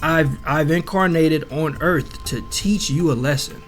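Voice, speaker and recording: A man reading the lines of a boastful male false god who demands tribute, in a slow, plain, grandiose delivery. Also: a little high, faint music behind, close to an everyday voice. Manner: grandiose, read slowly and plainly.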